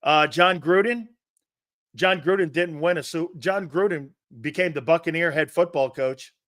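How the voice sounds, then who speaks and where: A man hosts a sports talk show in a blunt, combative manner, swearing freely and scoffing at soft opinions as he fires back at viewers' comments. His voice sits a little high for a man. The sound is dry and close, with no room echo. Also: normal speed.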